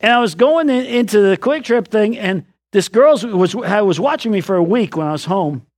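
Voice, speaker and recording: Middle-aged guy preaching, jokey and animated, voice jumps all over, dry close sound. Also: high voice, moderate pace, dry recording. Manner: animated, joking storyteller with loud outbursts. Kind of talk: sermon.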